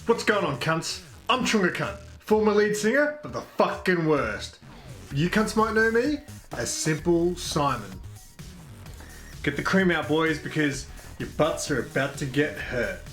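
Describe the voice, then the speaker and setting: A man's voice: on the high side, big pitch swings, unhurried, a bit bright, faint music behind. An Australian man hosting a comedy show, ranting in a brash, profane, mock-aggressive way. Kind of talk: crude comedic rant.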